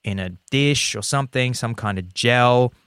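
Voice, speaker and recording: A man's voice: mid-range voice, normal speed, a bit bright, clear, resonant tone, no room sound, clean studio sound. A man co-hosting a casual podcast, jokey and explaining topics at length with frequent restarts. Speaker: podcast co-host. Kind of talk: casual chat.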